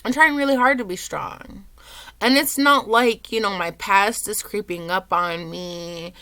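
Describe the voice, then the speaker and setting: A young woman vlogging at home, low and teary, rambling with lots of "like". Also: measured pace, bright, forceful tone, clear, resonant tone, no room sound. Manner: rambling, says "like" often. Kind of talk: casual confessional vlog.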